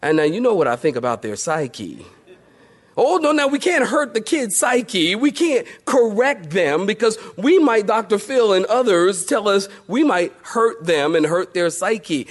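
A man preaching a sermon in a lively storytelling manner, asking the congregation rhetorical questions. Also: sits high. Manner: animated, storytelling, acts out voices, rhetorical questions. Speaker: pastor.

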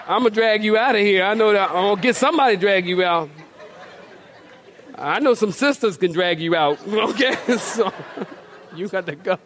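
A middle-aged male pastor preaching a storytelling sermon, animated and colloquial, with laughing asides and repeated words. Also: very high-pitched. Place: church.

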